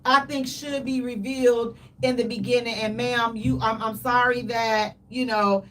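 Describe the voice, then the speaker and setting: A woman co-hosting a casual radio talk show, animated and dramatic, with playful exaggeration. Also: a little high, a little slow, recorded from a distance.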